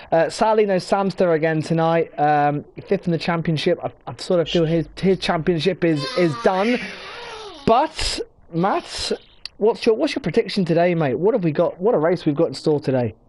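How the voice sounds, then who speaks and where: Guy hosting sim race commentary, hyped, talks it all up, trips over words a bit. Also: a little high. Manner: energetic, hyping up the field, quick self-corrections. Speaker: lead commentator.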